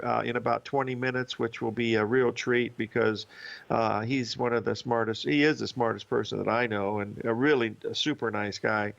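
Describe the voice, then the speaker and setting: Gravelly male market-show host. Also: medium pitch, fairly bright tone, dull audio. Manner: rambling, with many fillers and restarts. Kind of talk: live market commentary show.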